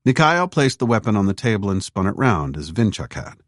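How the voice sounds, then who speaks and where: A man with a fairly low voice narrates an audiobook in a measured, even storytelling style. The recording is dry and close, with no room sound. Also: slightly rough, dry recording.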